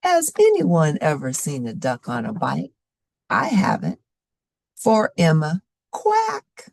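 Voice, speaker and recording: Slow, gravelly woman reading a storybook. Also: low voice, no room sound, studio quality. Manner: warm asides to young listeners. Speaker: storybook reader. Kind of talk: reading a picture book aloud to children.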